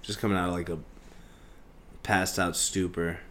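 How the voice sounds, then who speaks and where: A young man hosting a podcast, telling a story in a casual, profane, animated way and acting out the scenes. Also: sits low, normal speed, slight background noise. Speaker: podcast host.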